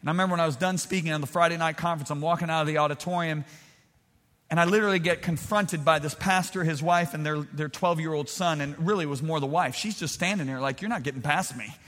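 A male preacher with a high, bright, forceful voice delivers an emphatic sermon. He calls on the congregation to answer him aloud. He swings from shouting to quiet storytelling. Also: fairly even intonation, fast talker, long reverb tail.

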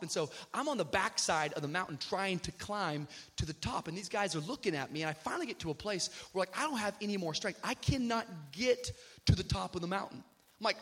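A man preaching a sermon, telling a funny personal story and acting out the voices with shouts. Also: high-pitched, fairly quick, husky. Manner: animated storyteller, acts out shouted quotes. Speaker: pastor.

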